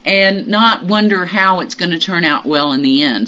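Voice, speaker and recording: A group member sharing personal news in a meditation group, halting and reflective, with many pauses and fillers. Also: medium pitch, sharp tone. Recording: muffled recording with faint hiss.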